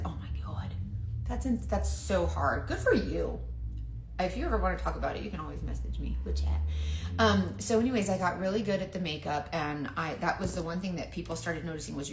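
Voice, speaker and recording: Woman, 30s, rambly confiding makeup chat, low voice, echoey room. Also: slight background noise. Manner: rambling, confiding, trails off and restarts. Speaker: makeup seller and vlogger. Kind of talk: casual chat while doing makeup on camera.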